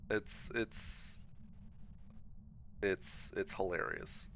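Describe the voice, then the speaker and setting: Man, low voice, bright tone, rambling stream chat, slightly dull audio, faint hiss. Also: fairly even intonation, extremely slow. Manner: rambling, many fillers and restarts. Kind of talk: casual chat while gaming.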